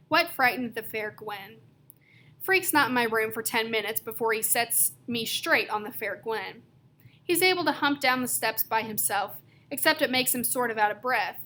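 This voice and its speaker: A woman reading a novel aloud, telling the story with lively, varied emphasis. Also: a little high, slight background noise. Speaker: reader.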